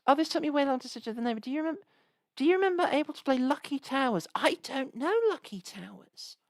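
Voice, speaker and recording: A woman with a high-pitched, expressive voice talks briskly with no room sound. She chats casually while live-streaming old games, rambling with lots of restarts and asides.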